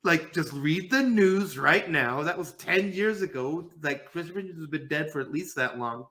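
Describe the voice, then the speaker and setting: A young man co-hosting a casual podcast panel, ranting in an animated way, swearing and mock-quoting the people he argues against. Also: fairly high pitch, moderate pace. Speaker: podcast co-host.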